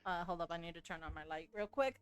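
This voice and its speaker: A woman narrating a tabletop role-playing game as game master, pausing often with fillers as she thinks. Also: lowish voice, clear, resonant tone, soft background music. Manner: hesitant, lots of fillers.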